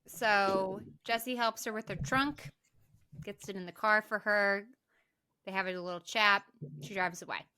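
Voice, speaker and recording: A woman's voice: mid-range voice, clear, resonant tone, no room sound, studio quality. A woman co-hosting a podcast, chatting casually as she recaps a horror film, laughing often and acting out the characters' lines. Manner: animated, laughs often, acts out quotes. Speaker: podcast co-host.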